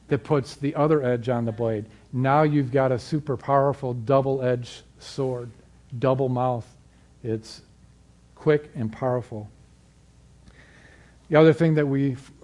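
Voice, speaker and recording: A man giving a sermon as a guest preacher, moving from halting, calm teaching to loud, fervent exhortation. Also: mid-range voice. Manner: halting restarts and fillers.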